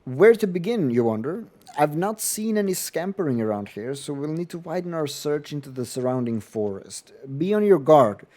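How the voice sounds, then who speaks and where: A man voicing a curt young male hunter, reading game dialogue aloud in a dry, clipped, formal way with sudden loud stresses. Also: on the high side, sing-song, normal speed, hardly any pauses.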